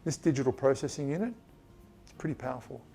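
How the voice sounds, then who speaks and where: Soft music plays behind an Australian eye surgeon who is lecturing colleagues informally in his office to a small group. His gravelly voice is medium-pitched and mellow, and his delivery is fast. He comes across as blunt and chatty, swearing without fuss and acting out patient exchanges.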